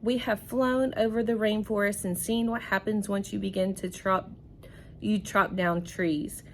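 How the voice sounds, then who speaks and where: A woman's voice: medium pitch, steady tone, a little slow, slight background noise, lightly acted. A woman reading aloud as a bird from a storybook, firm and urgent. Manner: firm, loud read-aloud. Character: bird warning of burning forests.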